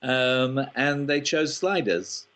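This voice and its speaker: A man's voice: medium pitch, expressive, slow pace, a bit bright. Man, screenwriter guest, interview answers, thoughtful, hesitant. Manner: thoughtful, with ums and restarts.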